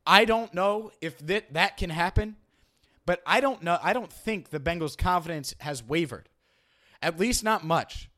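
A man's voice: high voice, animated, unhurried, a bit bright. A man hosting a sports podcast, analyzing his team and arguing with imagined critics, often repeating himself as he starts a thought. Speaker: podcast host.

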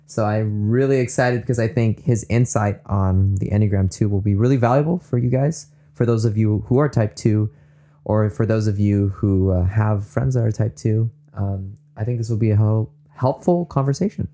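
A man's voice: lowish voice, moderate pace, warm tone. A young man from Southern California hosting a faith podcast, upbeat and eager, laughing often. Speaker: podcast host. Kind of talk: casual faith podcast talk.

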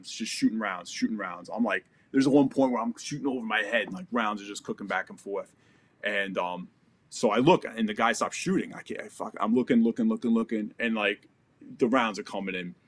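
A man telling a combat story from his military service in a casual, animated and profane way. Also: fairly low pitch, husky. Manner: animated, profane, acts out quotes. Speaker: military veteran.

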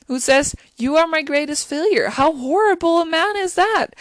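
A woman's voice: sits high, dry recording. A woman chatting casually and gushingly about a TV episode, full of restarts. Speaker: show reviewer.

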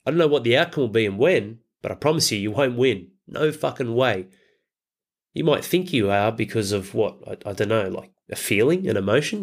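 A man's voice: on the low side, husky. A middle-aged man giving a blunt, emphatic motivational talk as a coach for fathers, swearing heavily.

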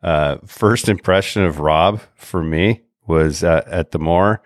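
A man co-hosting a podcast, chatting casually in a rambling, halting way with lots of pauses. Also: deep voice, no room sound, studio quality. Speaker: podcast co-host. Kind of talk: casual chat.

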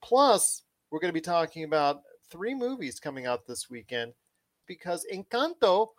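A man co-hosting a casual pop-culture podcast, talking with animated, enthusiastic swings in his voice. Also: on the high side, normal speed. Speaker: podcast co-host.

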